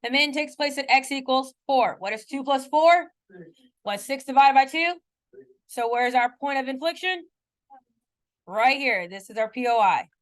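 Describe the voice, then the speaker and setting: With a high, light voice and lively intonation, a woman teaches math in a chatty, conversational way. She pokes fun at her own slips and often pauses to see if students are following.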